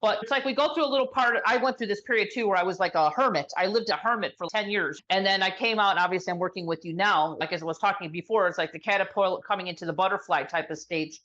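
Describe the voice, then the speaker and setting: A woman sound healer guiding an energy healing session, talking slowly and soothingly. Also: medium pitch, a bit bright, muffled recording.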